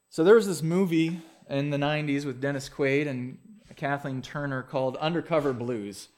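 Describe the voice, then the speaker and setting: A man preaching a sermon, reading scripture, praying, then telling a story in a relaxed, conversational way. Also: a little high, normal speed, few pauses. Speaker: pastor.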